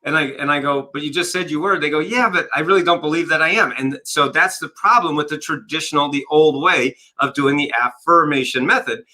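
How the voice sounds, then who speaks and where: Guest coach, male, very bright voice, storyteller who acts out both sides of a conversation, video call. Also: on the high side, brisk, few pauses, poor audio. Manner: energetic storyteller, acts out dialogue. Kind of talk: conversational interview.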